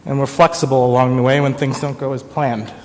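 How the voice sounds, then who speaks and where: A man giving a sermon as minister, in a slow, reflective, pausing storytelling manner. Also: mid-range voice, level tone, a little mellow, slight background noise. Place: church sanctuary. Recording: long reverb of a church sanctuary.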